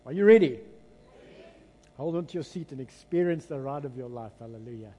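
A pastor with a South African accent preaches a sermon in a church hall, his mid-range voice moving at a quick pace through dull audio with long hall reverb. He leads the congregation in call-and-response and retells scripture in an animated, dramatic storytelling style.

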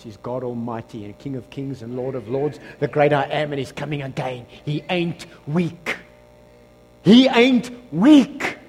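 A man with a South African accent preaching a sermon as pastor, switching between loud exclamations and quiet asides. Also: medium pitch, long reverb tail, a little hiss or hum. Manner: animated preaching, shifts between shouting and hushed asides.

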